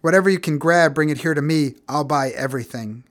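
Male reader doing a loud, wailing, self-pitying legless vendor with a raised voice, storybook reading. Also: a little high, moderate pace, close to an everyday voice. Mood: pleading. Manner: loud, anguished, pleading. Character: bitter legless older male street vendor.

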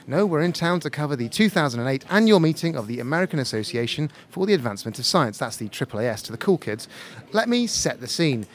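A man's voice: a little high, a bit bright, a little hiss or hum. A man hosting a science podcast from a café, presenting a scripted show with a wry, joking delivery. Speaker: podcast host.

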